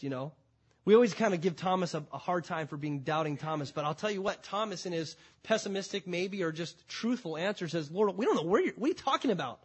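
Husky-voiced preacher with emphatic delivery. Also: male voice, sits high. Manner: emphatic, swings from loud declarations to quiet drawn-out phrases. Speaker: pastor. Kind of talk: sermon. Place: church before a congregation.

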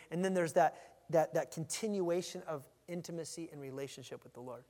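A male pastor with a high, bright-edged voice delivers an energetic, emphatic sermon, doubling back on his words as he goes. His voice rings with the long echo of a big church sanctuary. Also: brisk. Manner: energetic, emphatic preaching with frequent restarts.

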